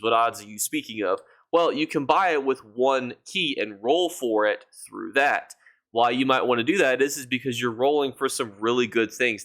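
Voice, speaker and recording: Game-guide YouTuber, male, mid-pitched, casual and enthusiastic with his audience. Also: a bit bright. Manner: chatty and enthusiastic, addresses viewers as "you guys". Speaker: gaming YouTuber.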